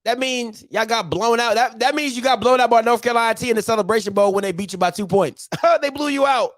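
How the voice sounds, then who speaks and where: A man's voice: extremely high pitch, fast talker, dry recording, clean studio sound. A man hosting a casual football recap, ranting and talking straight to his viewers. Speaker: sports show host.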